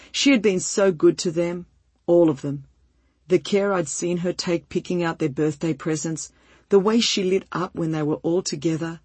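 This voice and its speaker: A woman reading a first-person story aloud in a gentle, heartfelt and measured way, with a breathy voice. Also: lowish voice, no echo. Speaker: narrator.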